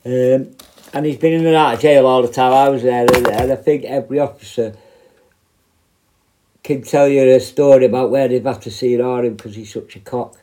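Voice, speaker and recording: Blunt British man, ex-prison officer, foul-mouthed storyteller with a dark, mellow tone and mid-range pitch. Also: fairly even intonation, moderate pace, slight background noise. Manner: blunt, heavily profane, rambling with restarts. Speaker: former prison officer telling stories. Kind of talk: casual anecdote.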